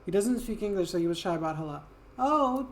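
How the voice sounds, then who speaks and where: Woman streamer, French accent, lowish voice, casual playful chatter. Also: very fast, background noise. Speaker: game streamer. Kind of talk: casual gameplay chat.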